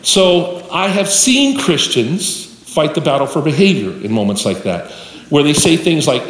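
A man's voice: on the high side, big pitch swings, normal speed. A male pastor preaching a sermon with folksy storytelling, addressing the congregation directly. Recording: echoey live hall with room noise.

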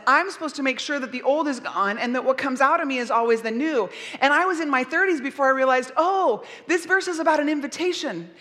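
A middle-aged woman pastor preaches a sermon in an earnest, gentle way. Her high voice carries a long echo from the church hall. She turns soft and soothing now and then.

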